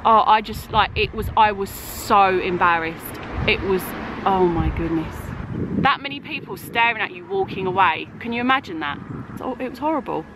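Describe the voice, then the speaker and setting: A woman telling a story in a casual vlog chat, animated and acting out what people said. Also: mid-range voice, normal speed, background noise. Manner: animated storyteller, acts out quotes. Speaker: vlogger. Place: outdoors at a snowy resort.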